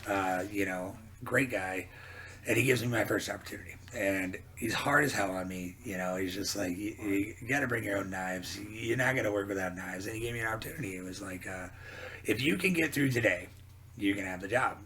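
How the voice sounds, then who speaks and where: A man in his thirties from New Hampshire, a chef telling a profane, animated story on a casual podcast. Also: fairly low pitch, brisk, slight background noise. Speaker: guest chef.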